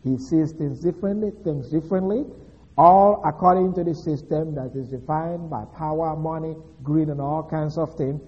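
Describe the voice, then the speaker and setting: A man with a fairly high but mellow voice teaches scripture in a methodical, explanatory way. The recording is dull and lo-fi. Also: normal speed. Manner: methodical, explanatory, with occasional restarts. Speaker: Bible teacher. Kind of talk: expository Bible teaching.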